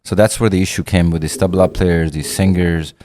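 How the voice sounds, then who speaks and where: A middle-aged man with a Pakistani accent speaks in a deep, darkish voice, fairly even in intonation and a little fast. As a guest rapper in a candid interview, he tells long, profane, rambling stories and acts out the dialogue.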